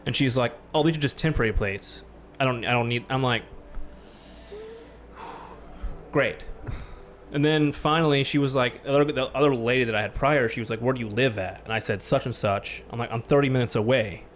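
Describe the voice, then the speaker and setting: A man's voice: normal speed, long pauses, slight background noise. Ranting man swearing through a story. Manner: ranting, swears a lot, grows loud and high when angry. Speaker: podcast host. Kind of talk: casual podcast chat.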